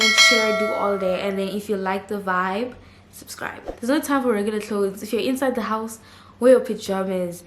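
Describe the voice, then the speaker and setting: A woman recaps a reality show episode in a loose, chatty way, quick to laugh at what she saw. Her voice sits at an ordinary middle pitch. The room around her gives off a noticeable echo. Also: a little hiss or hum. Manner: chatty and expressive, laughs readily. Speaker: reality TV reviewer.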